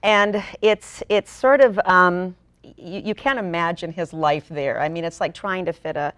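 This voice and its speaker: A woman with a notably low voice talks at length in a studio interview, her explanations running on from one thought into the next. The sound is close and dry, with no room echo. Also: measured pace, fairly bright tone. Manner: talkative, long run-on explanations. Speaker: theater company member promoting a play. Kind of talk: local TV interview.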